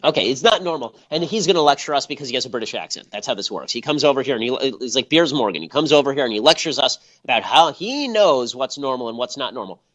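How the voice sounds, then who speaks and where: A man rattles off a combative commentary monologue at high speed. His voice is bright and forceful. He sounds scornful throughout. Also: animated, highs cut off. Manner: scornful, rapid-fire ranting. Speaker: political commentary host.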